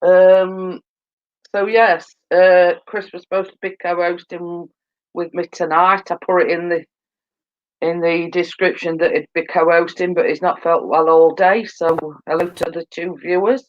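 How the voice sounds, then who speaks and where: Woman host, tired with a cold, slow rambling chat, muffled lo-fi phone sound. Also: fairly low pitch, flat delivery. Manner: rambling, filler-heavy, repeats "as I say". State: tired and yawning, coming down with a cold. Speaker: livestream host. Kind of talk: casual chat.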